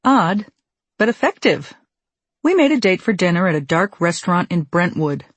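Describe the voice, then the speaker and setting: A woman narrating her own memoir as an audiobook, with a wry, measured delivery on a close microphone. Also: on the low side, sing-song, breathy edge, no echo.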